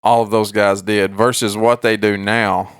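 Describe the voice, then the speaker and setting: A man's voice: lowish voice, level tone, clear, resonant tone, no echo, studio quality. A man, co-hosting a podcast in laid-back casual chat. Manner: laid-back, quick reactions and laughs. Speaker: podcast co-host.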